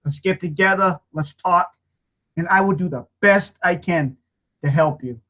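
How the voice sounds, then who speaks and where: Talking straight to his webcam, a man in his fifties with a high, sharp voice speaks a little slowly as he hosts a weekly online marketing hangout. His casual, heartfelt monologue is earnest and rambling, and he often repeats himself.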